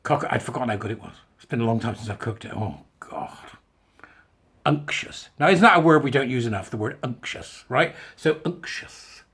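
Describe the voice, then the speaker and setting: A man's voice: medium pitch, expressive, brisk, a bit bright, husky. A man giving a chatty, self-mocking video monologue to camera. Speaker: online commentator. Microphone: camera mic.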